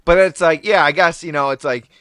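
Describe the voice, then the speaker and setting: A man's voice: on the high side, fairly quick, fairly bright tone, clean tone, no echo, studio quality. A man co-hosting a podcast, chatting in a self-mocking way with lots of "you know". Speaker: podcast co-host. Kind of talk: casual podcast chat.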